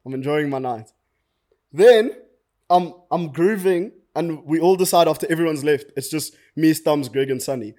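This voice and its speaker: A young man with a South African accent telling a long, animated story in casual chat, slangy and swearing freely. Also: fairly high pitch, normal speed.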